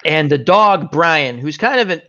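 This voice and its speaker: A man with a high, bright voice hosts a casual chat and tells stories with animated, joking energy. His pitch swings widely from line to line. The audio sounds dull and lo-fi. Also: unhurried. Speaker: chat show host.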